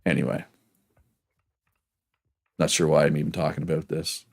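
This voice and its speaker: A man with a Prince Edward Island accent rambles casually through a game stream, reading chat as he goes. His voice sits low and deep. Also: level tone, moderate pace, vocal fry. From Prince Edward Island, Canada. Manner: rambling, chatty, reads chat aloud.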